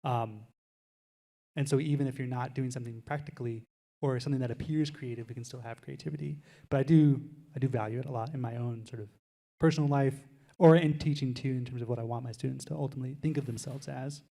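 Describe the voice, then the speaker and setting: A man's voice: mid-range voice, steady tone, vocal fry, mellow. A man who teaches, speaking on a college panel in a thoughtful way, qualifying his points as he goes. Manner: quick, thoughtful, qualifying remarks.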